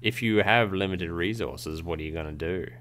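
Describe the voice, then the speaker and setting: A man co-hosting a craft podcast in relaxed, casual chat, joking dryly and laughing often. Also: sits low, moderate pace, clear, resonant tone. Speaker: podcast co-host.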